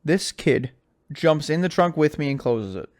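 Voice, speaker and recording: A young man with a voice pitched a little high hosts a podcast on his own. He chats loosely and tells animated stories, full of casual slang and filler words. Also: moderate pace. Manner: animated storyteller, slangy, says "like" and "dude" a lot. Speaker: podcast host. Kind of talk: casual solo podcast chat.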